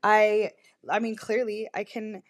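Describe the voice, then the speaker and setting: A woman's voice: medium pitch, little pitch movement, unhurried. Anxious rambling young woman confessing. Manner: anxious, rambling, self-interrupting with frequent restarts. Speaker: vlogger. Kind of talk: confessional storytime vlog. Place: her bedroom, alone. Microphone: laptop microphone.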